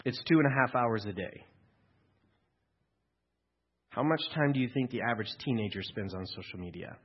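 A man preaches to his congregation in a relaxed, conversational way, slipping in dry jokes. His voice is somewhat husky. The recording sounds a little dull and lo-fi, as if taken in a church. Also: medium pitch, moderate pace. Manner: conversational preaching with dry humor and acted-out quotes. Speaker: pastor. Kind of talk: sermon.

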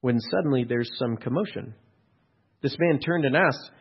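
A man's voice: mid-range voice, moderate pace, creaky, husky. A male pastor giving a sermon in a conversational, storytelling way, asking his listeners rhetorical questions. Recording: dull lo-fi recording.

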